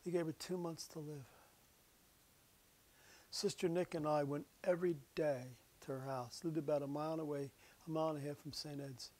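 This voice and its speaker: A middle-aged pastor tells a personal story in a relaxed, folksy way, his voice sitting a little higher than most men's. At the solemn moments he drops to a hushed whisper. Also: normal speed. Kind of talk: storytelling meditation.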